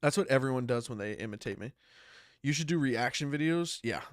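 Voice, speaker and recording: A man's voice: medium pitch, lively intonation, a little fast, no room sound, clean studio sound. Congested man chatting on a stream. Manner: rambling, swearing, laughing often. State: congested from a cold. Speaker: streamer and battle rapper. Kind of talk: casual livestream chat reading comments.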